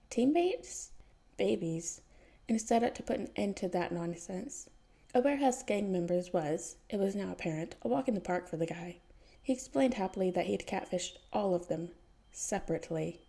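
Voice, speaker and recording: Gravelly, mellow woman reading fanfiction. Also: medium pitch. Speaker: podfic reader.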